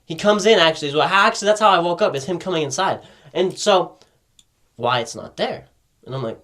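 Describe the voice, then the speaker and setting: A man's voice: a little high, expressive, a little fast, a bit bright. A young man co-hosting a podcast, telling a rambling, profane story, acting out quotes and laughing often. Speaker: podcast co-host. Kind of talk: casual storytelling chat.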